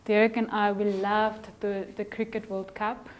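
A middle-aged woman preaching a conversational sermon in a church, animated and chatty, acting out little scenes and sometimes dropping her voice to a near whisper. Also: mid-range voice, measured pace, slight background noise. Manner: animated, conversational, acts out voices in quotes, drops to a whisper at times.

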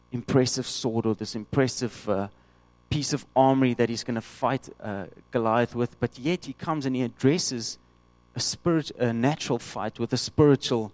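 Guy preaching, animated, does little voices for quotes, dry close sound. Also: medium pitch, dry recording. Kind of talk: sermon.

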